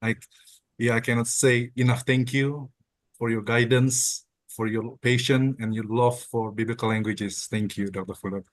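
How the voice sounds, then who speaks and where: A man's voice: medium pitch, steady tone, normal speed, dry recording. A man, a former student, earnestly giving heartfelt thanks to his teacher. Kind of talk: formal thanks.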